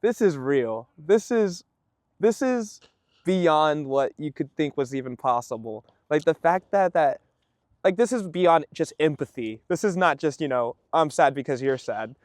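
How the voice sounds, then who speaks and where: A man hosting a podcast, reacting with enthusiastic exclamations and asking questions in a relaxed, conversational way. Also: fairly high pitch, a little slow, no room sound, studio quality. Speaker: podcast host. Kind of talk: casual conversational interviewing.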